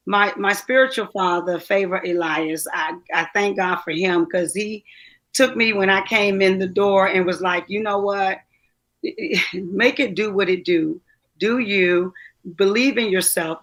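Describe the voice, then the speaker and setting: A woman actress shares a personal testimonial as a guest. She talks in a halting way, full of fillers and restarts, and her voice is close to tears. Her pitch sits in the middle range. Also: fairly bright tone. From DMV area, US. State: choked up, near tears. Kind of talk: emotional testimonial.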